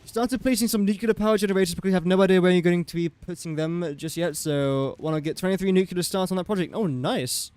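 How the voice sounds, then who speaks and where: A man's voice: high-pitched, fast talker, few pauses, a little mellow, smooth. A young man casually commentating his gameplay on a livestream, chatty and joking at his own expense. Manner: chatty, self-mocking, joking asides. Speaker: gaming livestreamer.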